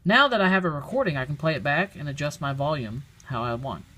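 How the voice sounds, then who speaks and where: A man's voice: a little high, animated, fast. Noisy recording, man plainly explaining a gadget. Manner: plain, matter-of-fact explaining, thinking aloud. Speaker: product demonstrator. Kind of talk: casual how-to demonstration.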